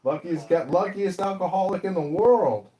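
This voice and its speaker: A man's voice: sits high, normal speed, mellow, lo-fi sound. A man in a casual phone chat, crude and joking, laughing often. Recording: echoey room with faint noise.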